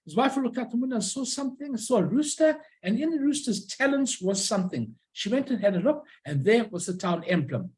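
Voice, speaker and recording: Halting woman giving an informal lecture. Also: fairly high pitch, sing-song, a little mellow, rough recording. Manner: halting, searches for words, tells anecdotes. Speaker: lecturer on stamps and postcards.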